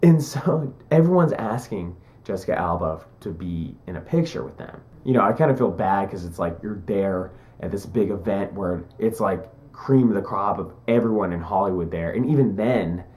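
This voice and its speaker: Young man, deep voice, casual vlog storytelling, chatty and joking. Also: animated, normal speed, few pauses, darkish tone. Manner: chatty, joking, acts out quotes. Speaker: vlogger.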